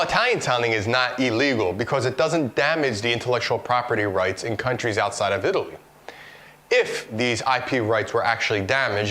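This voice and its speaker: Man with a mid-pitched voice, explaining calmly. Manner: explanatory, pointing out examples one by one. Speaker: course instructor. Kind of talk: scripted lesson narration.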